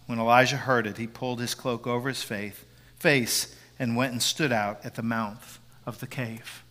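A man preaching a sermon into a handheld mic, swinging from loud, driving emphasis down to soft whispers. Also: medium pitch, steady tone, normal speed, in a large hall. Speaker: pastor. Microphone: handheld microphone.

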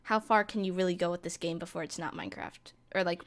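A woman's voice: fairly low pitch, quick pace. A woman co-hosting a casual video game podcast, playful and curious, asking lots of questions. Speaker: podcast co-host. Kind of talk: casual chat about video games.

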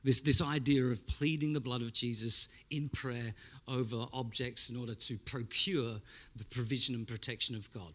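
A man's voice: medium pitch, normal speed. A man preaching a Pentecostal sermon, telling stories with animation and sound effects. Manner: animated storyteller, mimics spray sounds. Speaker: pastor.

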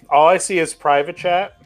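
A man's voice: on the high side, creaky, rough recording. A man co-hosting a live stream, teasing his partner dryly in casual chat. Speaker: co-host.

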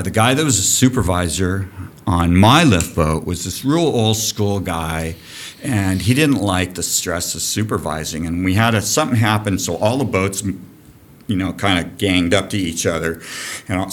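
A man who directs a diving program, telling a profane, animated story during a podcast interview and laughing as he goes. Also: sits low, moderate pace, slight background noise. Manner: animated, profane, laughs through his stories. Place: recorded on location at a college.

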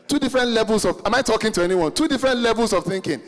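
High-pitched preacher from Nigeria, lively and playful, shouts for emphasis, faint music behind. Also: male voice, very fast, few pauses, big-room sound. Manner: animated, jokey, shouts for emphasis and stretches words. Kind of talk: sermon.

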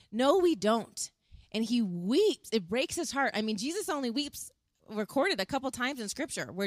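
A woman's voice: fairly high pitch, no room sound. Earnest woman preaching. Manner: earnest, animated storytelling with acted quotes. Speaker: pastor. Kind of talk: sermon. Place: outdoors in wind.

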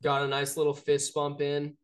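A man's voice: a little high, monotone, normal speed, a crowd in the background. A young man co-hosting a sports podcast, telling a story in a laid-back way with frequent restarts. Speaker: podcast co-host. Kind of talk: casual sports chat.

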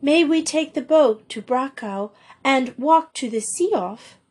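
A woman reading aloud voices a cheerful schoolgirl who explains things earnestly and quickly. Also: sits high, expressive, pitched above the performer's own voice. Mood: eager.

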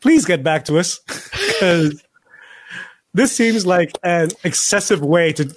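Man, casual watch-along chat, jokey, swears freely, high-pitched, very expressive. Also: takes it slowly.

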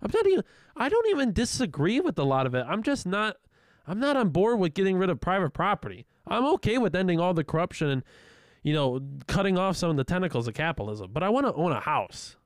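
A young man co-hosting a podcast in casual political chat, animated and profane, often mocking the voices of others. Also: high voice, fast talker, no room sound, clean studio sound. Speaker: podcast co-host.

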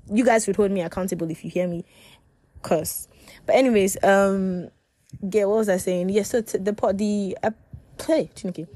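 Her voice is medium in pitch and dark in tone. Alone on her own podcast, this young woman chats casually, wandering off track, fixing her own words and laughing a lot.

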